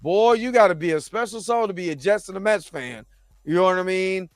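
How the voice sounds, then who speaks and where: High-voiced animated man recapping a show. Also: a little fast, dry recording, clean studio sound. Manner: animated, acts out characters' lines in his own voice. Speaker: show host. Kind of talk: casual TV recap commentary.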